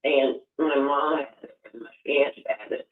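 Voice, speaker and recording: A man calling in to a live talk show, speaking in a heartfelt, halting way. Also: medium pitch, fairly even intonation. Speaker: caller. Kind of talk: call-in show chat. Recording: tinny phone line, echoey.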